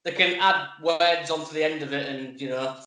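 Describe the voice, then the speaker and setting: A British man with a high voice co-hosts a casual interview over a video call. He jokes about himself easily, and the sound rings around a very echoey room. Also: fairly even intonation, moderate pace, pushed and bright. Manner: jokey, self-deprecating. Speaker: podcast co-host.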